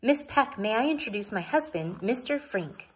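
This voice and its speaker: Brief: a woman playing a refined, gracious frontier lady, formal and eager, somewhat breathy, raised pitch, storybook reading. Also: expressive, normal speed. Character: genteel refined pioneer lady, cheerful and gracious.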